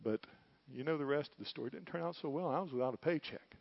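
A middle-aged pastor preaches a fervent sermon, his fairly high voice surging into loud cries and dropping to hushed tones. The recording is dry and dull, like a lo-fi capture of a church service. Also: fast talker, creaky, dry recording.

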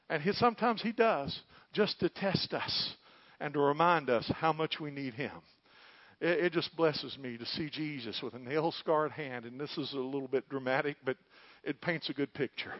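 A man delivers a folksy, impassioned sermon, his slightly high voice climbing to loud peaks. The sound is dry and close, with a somewhat dull, muffled tone. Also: no echo. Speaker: preacher.

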